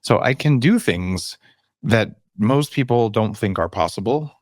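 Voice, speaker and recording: Speaking at a measured pace, this fifties-aged man is a biohacking author guesting on a podcast and telling candid interview stories. He performs the quotes, voicing the characters and changing his pitch to stress points. There's no echo, and the audio has a clean studio quality.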